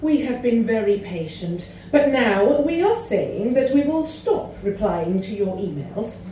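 A woman's voice: on the high side, sing-song, a little slow, dark tone, a little hiss or hum. A woman reading comic letters aloud in a prim, polite way, laughing now and then. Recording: echoey room from far off.

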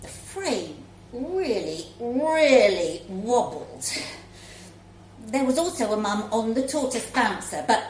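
A woman reading a story aloud in a child's first-person voice, expressive and lively. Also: a little high, slow pace, slight background noise. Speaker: story reader. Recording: roomy echo, faint room ambience.

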